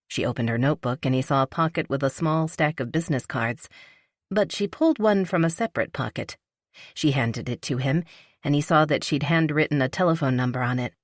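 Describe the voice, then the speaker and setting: A woman narrating a romance audiobook in a calm, even storytelling manner. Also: rumbling low, brisk, no room sound, clean studio sound. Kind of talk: scripted narration.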